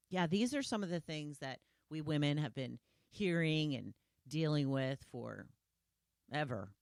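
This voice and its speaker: A woman's voice: low voice, no echo, clean studio sound. A woman hosting a solo podcast, talking conversationally and retelling scenes with quoted lines. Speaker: podcast host.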